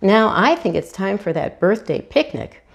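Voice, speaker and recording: A woman voicing a caring mother dinosaur in a storybook reading, gentle and reassuring. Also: mid-range voice, sing-song, normal speed, vocal fry.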